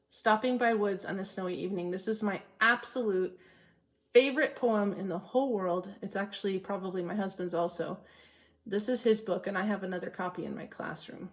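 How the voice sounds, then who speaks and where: Stitching vlogger from Maine, a woman with a rough, fry-tinged voice who chats casually and backtracks mid-sentence. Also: mid-range voice. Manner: chatty and earnest, rambling with self-corrections. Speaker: cross-stitch vlogger and teacher. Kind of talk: casual chat to camera.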